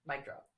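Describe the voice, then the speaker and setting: A woman guest telling a personal story in a chatty way, full of likes and restarts and frequent laughs. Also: bright, forceful tone. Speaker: podcast guest. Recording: echoey room.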